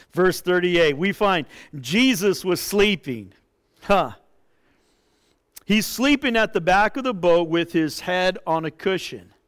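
A male pastor preaching a sermon, expressive, rising into impassioned pleading. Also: high voice.

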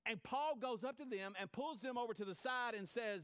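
A man's voice: extremely high pitch, moderate pace, a bit bright, smooth. A man preaching a sermon, retelling a story with repeated phrases and acted-out quotes. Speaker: pastor.

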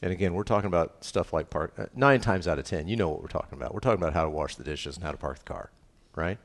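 Pastor, middle-aged man, low voice, emphatic with jokes, repeats key lines. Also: fast talker, creaky. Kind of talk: sermon.

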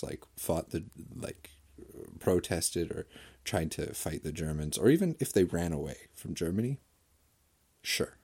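Low gravelly dude ranting, dark husky voice, sarcastic and all over the place. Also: male voice, lively intonation, moderate pace. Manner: rambling, sarcastic, digressive. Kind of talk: comedic rant monologue.

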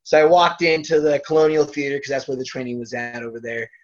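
A man's voice: medium pitch, fast talker, lo-fi sound. A man, a professional wrestler, telling stories from his career in a casual interview, swearing freely and laughing at himself. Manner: profane, self-deprecating, laughs often.

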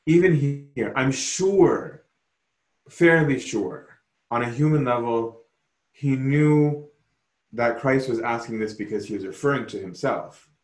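Slow, emphatic male preacher. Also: medium pitch, expressive, reverberant. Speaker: pastor. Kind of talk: sermon.

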